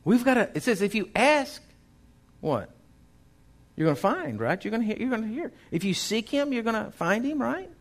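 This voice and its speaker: A man's voice: sits high, very animated, normal speed. A male pastor, preaching a sermon in a folksy, conversational way that builds in intensity.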